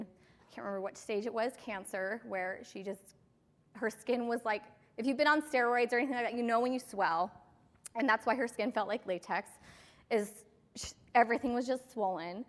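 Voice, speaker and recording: A woman with a slightly high voice gives a motivational talk to her team, chatty and loose, full of little fillers. Her voice carries a long reverb, as if in a large hall. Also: normal speed. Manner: chatty, filler-heavy storytelling. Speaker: team leader speaking to her sales team.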